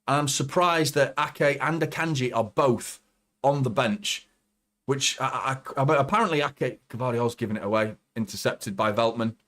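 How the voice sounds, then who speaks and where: In a mid-range voice at normal speed, a man runs a live football watchalong, reacting as a fan with plenty of swearing and lurching between anxious muttering and shouting.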